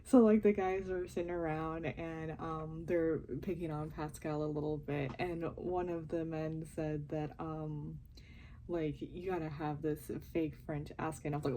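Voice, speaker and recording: A young woman chatting casually and softly at home as she reacts to a TV show, often giggling. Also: sits low, moderate pace, a little hiss or hum, poor audio. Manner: talking softly and quietly, giggly. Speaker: reaction vlogger. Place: home while family sleeps.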